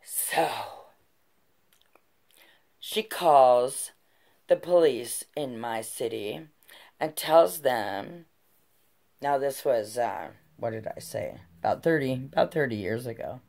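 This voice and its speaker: A woman's voice: a bass voice, lively intonation, a little slow, gravelly, a little mellow. A middle-aged woman telling a personal story to camera, blunt and swearing freely, laughing as she goes. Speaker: vlogger. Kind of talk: casual storytelling.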